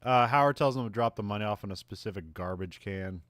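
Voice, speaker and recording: A man chats through a movie plot in a loose, rambling way, breaking into laughter often. His voice sits somewhat low. The sound is dry and close, with no room echo. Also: fast, a bit bright. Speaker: podcast co-host. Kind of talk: casual movie recap chat.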